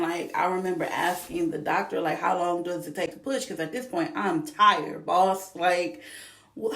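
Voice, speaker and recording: A young woman telling her birth story in a lively, expressive way, with features. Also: on the low side. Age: young adult. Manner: animated, expressive, vivid retelling. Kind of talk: casual storytelling to camera. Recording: roomy echo.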